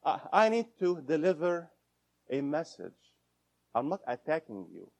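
A man teaching a room of listeners, speaking at a slow, deliberate pace. His voice sits a little higher than most men's. He repeats key points and stops to quiz the audience. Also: very animated, vocal fry, darkish tone. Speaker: instructor. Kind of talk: interactive lecture to an audience.

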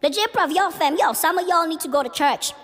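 Excitable high-voiced woman ranting on a podcast. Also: brisk. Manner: slangy, profane, excitable. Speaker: podcast host. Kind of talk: comedic podcast rant.

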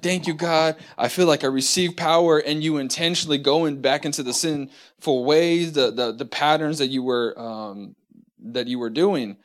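A man teaching a church lesson from notes, talking haltingly with many fillers and restarts, and reading scripture slowly and deliberately. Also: fairly high pitch.

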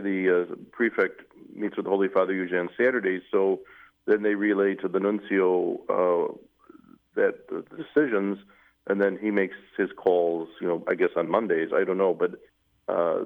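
A middle-aged man, a newly appointed Catholic bishop, telling his story at length in a measured way, with fillers. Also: deep voice, fairly even intonation, vocal fry. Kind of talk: interview storytelling. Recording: tinny phone-like radio audio.

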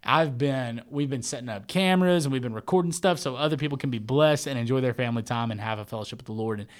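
A man's voice: mid-range voice, fast talker. A man in his thirties who works in church media, telling a story in loose, rambling casual chat and calling his listener man and bro.

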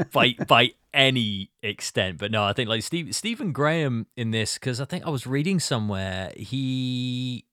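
A man hosting a casual podcast chat about a film, talking in an animated, rambling way. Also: mid-range voice, measured pace, no room sound, clean studio sound. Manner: animated, rambling, acts out quotes. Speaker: podcast host.

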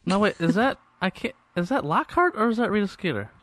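A man's voice: high-pitched, big pitch swings, brisk, fairly bright tone, no room sound. A man co-hosting a podcast in playful, joking casual chat. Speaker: podcast co-host.

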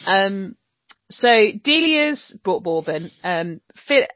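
A woman's voice: mid-range voice, very animated, takes it slowly, dry recording. A woman co-hosting a podcast, recapping a TV episode in casual, sweary chat full of ums. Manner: chatty, swearing, many ums. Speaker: podcast co-host. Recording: dull lo-fi dry recording.

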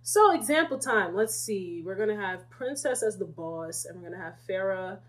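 A woman's voice: mid-range voice, moderate pace. A young woman leading a casual Bible study, explaining scripture and acting out quotes with laughter. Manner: animated, acts out quotes with laughter.

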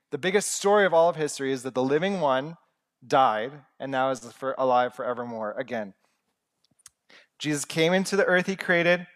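A young man preaching a sermon in an earnest, conversational way with humorous asides. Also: mid-range voice.

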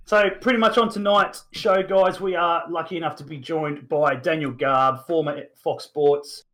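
A man's voice: on the high side, fairly even intonation, normal speed, a bit bright. Rambling Australian man hosting a podcast. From Newcastle, Australia. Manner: rambling, frequent fillers and mild swearing. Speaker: podcast host. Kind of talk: casual sports podcast chat.

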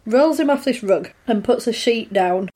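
A woman's voice: a little high, animated, normal speed, warm tone, a little hiss or hum. A woman in casual chat, wryly recapping a film with a chatty, easygoing delivery. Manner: chatty, wry, lots of fillers.

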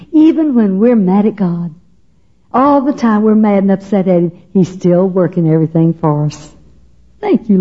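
A woman's voice: on the low side, phone-quality sound. An older woman telling her personal faith testimony in a folksy, humorous, chatty way, acting out what others said. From Texas. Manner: humorous, chatty, emotional, acts out the voices of others. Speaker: speaker giving a personal testimony.

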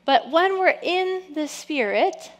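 A woman preaching a sermon with a slightly high voice. She reads scripture aloud and breaks into lively asides. She acts out the people in the story, moving between loud, punchy lines and hushed, slow ones. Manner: lively preaching, acts out quotes, frequent "come on". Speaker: pastor.

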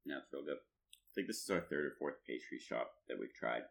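Very low-voiced young man, laughing storyteller. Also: a little fast, gravelly. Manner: laughs often, animated storytelling. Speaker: podcast co-host. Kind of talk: casual chat.

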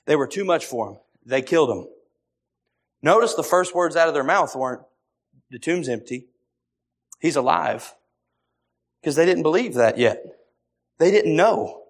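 A man's voice: fairly high pitch, lively intonation, moderate pace, pauses often. A man preaching a sermon, repeating phrases and briefly acting out the voices of others.

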